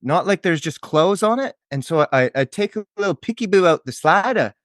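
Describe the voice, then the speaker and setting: Comedic bystander played by a man, rattled and swearing, high-pitched voice, repeats himself. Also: expressive, fairly quick, fairly bright tone, no echo, clean studio sound. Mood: rambling. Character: shocked foul-mouthed male neighbor witness. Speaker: podcast co-host. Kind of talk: improvised comedy sketch.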